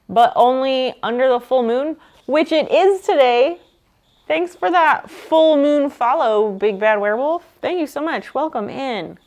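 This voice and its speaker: A woman with a fairly high voice talks slowly and loosely to her live-stream audience while she works on a table. She jokes around, teases her viewers and thinks out loud between tasks. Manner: chatty, joking, talks to chat while working. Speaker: streamer restoring furniture.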